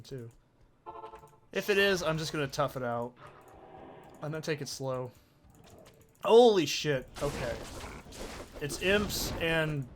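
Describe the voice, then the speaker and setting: A young man casually commenting on his own gameplay as a let's play host, excitable and swearing often as he talks to himself. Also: on the high side.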